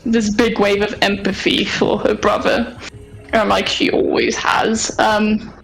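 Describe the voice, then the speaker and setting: A woman's voice: mid-range voice, little pitch movement, measured pace, vocal fry, soft background music, low-quality recording. A woman playing in a tabletop game, talking in a rambling, hesitant way. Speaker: player. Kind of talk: casual play.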